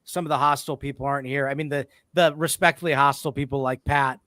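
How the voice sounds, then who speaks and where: This man's mid-range voice is steady, bright and forceful, and he talks fast with no room sound. He hosts a podcast in a casual, rambling chat, frequently interrupting himself and starting sentences over.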